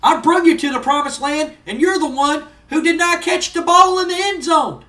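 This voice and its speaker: A man putting on the voice of a loud, gloating male wrestling manager who taunts and sneers. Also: very high-pitched, moderate pace, distant mic, pitched above the performer's own voice. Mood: gloating, taunting. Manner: taunting, sneering, shouting insults. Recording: roomy, off-mic.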